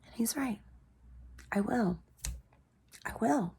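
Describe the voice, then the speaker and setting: A woman in her thirties giving an earnest parenting pep talk to camera, asking viewers direct questions and dropping into soft breathy asides. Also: on the low side, measured pace. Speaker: parenting vlogger.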